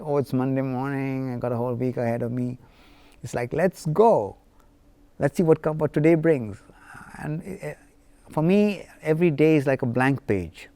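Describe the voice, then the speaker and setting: A man from India recalls his life in a lively, playful, anecdotal way. His voice is mellow and warm, sitting at an ordinary pitch. The recording is dry and close. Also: dry recording. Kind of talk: personal storytelling.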